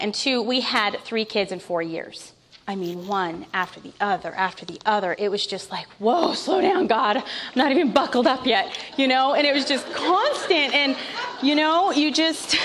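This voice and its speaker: A woman's voice: fairly high pitch, a bit bright. A woman in her thirties giving a heartfelt Christian testimony, telling her story with candid asides and light laughs. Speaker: Christian speaker sharing testimony. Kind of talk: personal testimony talk.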